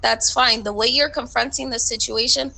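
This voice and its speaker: A woman's voice: fairly high pitch, fairly even intonation, moderate pace, gravelly, bright, forceful tone, low-quality recording. A woman in a roleplay game voice chat, heatedly complaining and confronting a superior. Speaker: roleplay police recruit. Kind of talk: in-character voice chat, arguing.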